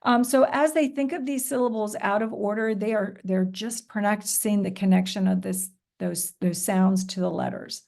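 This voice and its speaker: A woman's voice: medium pitch, steady tone, moderate pace, vocal fry, hardly any pauses, darkish tone. A woman presenting a professional development session, modeling patient call-and-response teaching with encouraging praise. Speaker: teacher trainer. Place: recorded presentation.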